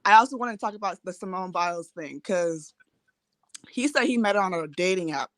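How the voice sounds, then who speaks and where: A woman's voice: lowish voice, fairly quick, a bit bright, no room sound. A woman calling into a live group chat on her phone, fired up, stringing thoughts together with "like". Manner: fired up, talks in run-on "like" phrases. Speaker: caller. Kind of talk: casual chat.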